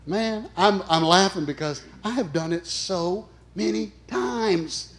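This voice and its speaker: Middle-aged male chaplain preaching, emphatic, dynamic swings, slightly high pitch. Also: lively intonation, takes it slowly. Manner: emphatic, swings between loud and soft. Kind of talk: sermon.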